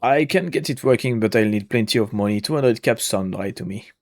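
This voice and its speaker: A man's voice: fairly low pitch, lively intonation, fairly quick, no echo. Man, casual gaming commentary, joking, reads dialogue aloud, dry sound. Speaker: gaming YouTuber. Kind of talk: casual let's-play commentary.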